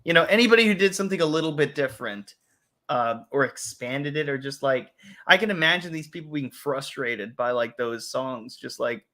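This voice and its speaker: A man's voice: medium pitch, moderate pace, pushed and bright. A young man hosting a casual chat show, rambling, swearing and laughing as he talks. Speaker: host.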